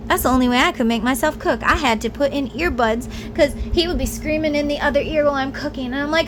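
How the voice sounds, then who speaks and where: A woman vlogger with a high voice speaks in a candid, rambling monologue. She is emphatic and slips into the voices she quotes. Steady background noise sits under her voice. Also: fast, hardly any pauses.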